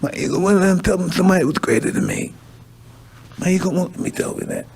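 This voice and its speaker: An emotional man speaks intensely, circling back over the same words as he talks through tears. His voice sits somewhat high and sounds husky. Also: animated, fast, a little mellow. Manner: intense, emotional, repetitive, profane. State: crying. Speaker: podcast host. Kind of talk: emotional interview conversation.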